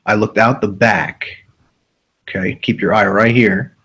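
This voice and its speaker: A man with a fairly low voice who talks very slowly, hosting a casual livestream. He rambles, swears freely and repeats phrases as he goes. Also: steady tone, a bit bright, slightly rough, poor audio. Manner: rambling, profane, repeats himself. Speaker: livestream host.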